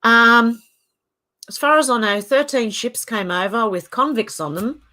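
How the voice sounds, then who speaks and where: A woman's voice: a little high, animated, a little slow, sharp tone. A middle-aged Australian woman hosting a casual livestream, reading viewer comments aloud in a chatty, opinionated way. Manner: chatty and opinionated, laughs often. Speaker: channel host.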